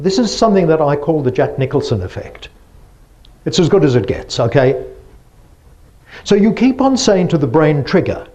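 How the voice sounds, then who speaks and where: A man's voice: fairly high pitch, big pitch swings, moderate pace, mellow. A man giving a lecture presentation, explaining step by step and asking the audience rhetorical questions.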